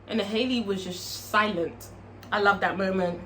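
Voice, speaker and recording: A woman casually recapping a TV episode, animated, swearing and checking in with the viewer. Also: medium pitch, normal speed, slight background noise. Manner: animated, frequent swearing, checks in with "all right?". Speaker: TV show reviewer.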